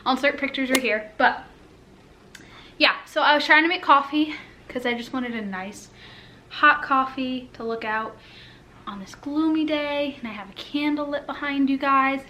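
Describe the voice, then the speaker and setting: A woman's voice: high-pitched, normal speed, bright, forceful tone, a little hiss or hum. A young woman chatting casually to the camera at home, rambling with lots of fillers, a little out of breath while pregnant. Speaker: lifestyle vlogger. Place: home, indoors.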